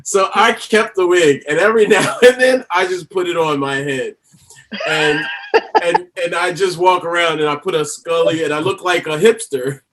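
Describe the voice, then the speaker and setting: Guy on a podcast, bit high voice, animated, laughs a lot telling stories. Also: moderate pace, a little hiss or hum. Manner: animated storyteller, laughs often. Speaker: podcast guest. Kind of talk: casual interview chat.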